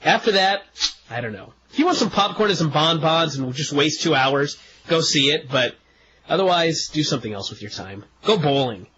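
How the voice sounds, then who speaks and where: Congested male co-host, wry and sarcastic, a bit high, dull radio sound with hiss. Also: expressive, moderate pace. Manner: dry, sarcastic. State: stuffed-up nose. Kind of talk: casual talk radio chat.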